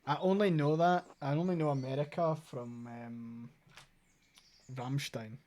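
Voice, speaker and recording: A man's voice: mid-range voice, a little slow, a little mellow. A man with a Scottish accent, chatting casually and rambling while streaming a game, swearing now and then. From Scotland. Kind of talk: casual game let's play commentary.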